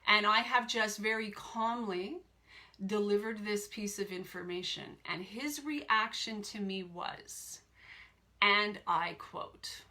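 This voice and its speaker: A woman's voice: medium pitch, pushed and bright. A woman life coach in her forties telling a personal story to her viewers, emphatic and repeating phrases for weight.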